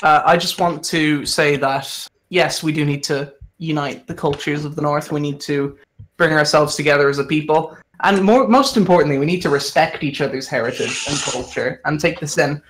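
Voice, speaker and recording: A man's voice: fairly high pitch, moderate pace, fairly bright tone. Impassioned man in a political debate. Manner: impassioned, rising to emphasis. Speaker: panelist.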